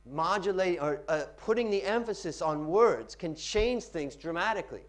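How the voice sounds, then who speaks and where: A very animated man presents a live workshop on pitching to a seminar-room audience at normal speed. He plays with loudness and pacing for effect.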